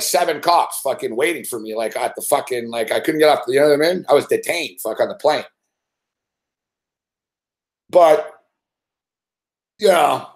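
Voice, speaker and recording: A man hosting a show, telling a rambling, profane story in casual chat and laughing often. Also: a little high. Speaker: show host.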